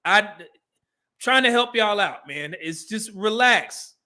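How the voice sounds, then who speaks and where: A man commenting casually as a reaction streamer, laughing often and giving loud, slangy advice. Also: high-pitched, expressive, slow pace.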